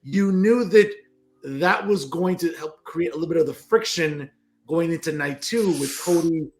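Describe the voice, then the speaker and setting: Male cohost, gravelly and slightly high, earnest debater, faint background music. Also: normal speed. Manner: earnest, building his argument. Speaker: podcast co-host. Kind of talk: casual panel debate.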